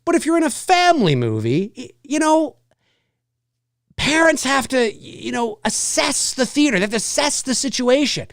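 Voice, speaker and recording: Lively, ranting male show host. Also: extremely high pitch, normal speed, no echo, studio quality. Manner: animated, exasperated, swears freely, mimics noisy kids. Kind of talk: casual ranting monologue.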